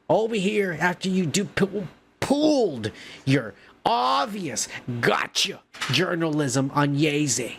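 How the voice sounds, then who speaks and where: A man's voice: fairly high pitch, gravelly, full character voice. A man putting on a mocking impression of a pompous middle-aged British male TV host, full of profanity.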